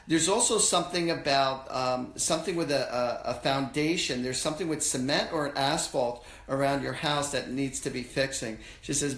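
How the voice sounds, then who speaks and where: A man hosts a live psychic stream, his pitch sitting in a middle register. He talks loosely and haltingly, full of fillers, and drops into slangy quoted lines as he relays messages. The room around him rings with echo. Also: fairly bright tone. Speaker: psychic medium host. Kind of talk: live-stream readings for callers.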